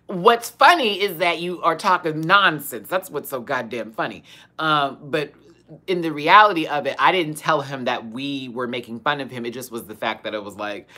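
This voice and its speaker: A young woman running a live Q&A show recounts a story with sass, profanity and drama, laughing in bursts. She speaks in a rumbling low, expressive voice at a moderate pace, with a sharp tone.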